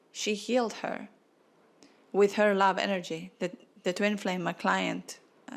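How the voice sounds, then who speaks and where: A woman's voice: medium pitch, vocal fry. A woman hosting a spiritual podcast, speaking earnestly and from the heart, close to tears. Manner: earnest, heartfelt, non-native phrasing. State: tearful, near crying. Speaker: podcast host.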